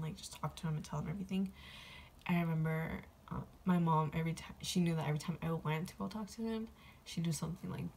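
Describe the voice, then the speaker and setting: A young woman tells a personal story to her camera in a low, gravelly voice, rambling with plenty of fillers and getting emotional. Her tone is dark and mellow, and a faint hum of room ambience sits behind her. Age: young adult. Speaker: vlogger.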